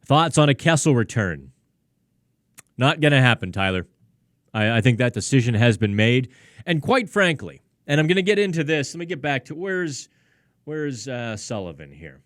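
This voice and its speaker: A man's voice: medium pitch, sing-song, moderate pace, a bit bright, no room sound. A male sports host talks through viewer questions on a live hockey stream. His voice sits in the middle range and the studio sound is dry and close. He speaks in loose, conversational runs, full of restarts and asides. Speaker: sports talk show host.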